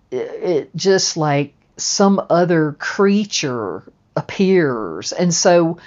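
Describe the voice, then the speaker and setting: Slow, low-voiced woman telling a rambling story. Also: a little mellow, dull audio. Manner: rambling, with restarts and swearing. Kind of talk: casual personal storytelling.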